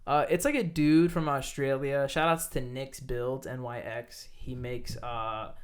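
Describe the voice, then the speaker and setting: A man's voice: mid-range voice, flat delivery, a little slow. A man co-hosting a podcast, chatting casually and rambling with lots of fillers and swearing. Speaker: podcast co-host; teacher. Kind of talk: casual chat.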